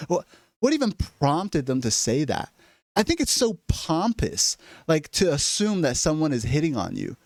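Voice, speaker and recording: A man's voice: a little high, sing-song, moderate pace, creaky, dry recording, studio quality. A man delivering an exasperated, profane comedic rant straight to camera. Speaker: vlogger. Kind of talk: ranting comedic monologue.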